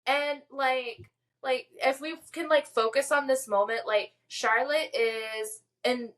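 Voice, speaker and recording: A woman's voice: high-pitched, steady tone, takes it slowly, a bit bright. A woman co-hosting a podcast, recapping an episode in casual chat full of filler words. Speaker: podcast co-host.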